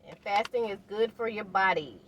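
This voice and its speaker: An older woman talking casually to her viewers while cooking in her van, unhurried and encouraging. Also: medium pitch, dull audio, slight background noise. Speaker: van life vlogger. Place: inside a parked van.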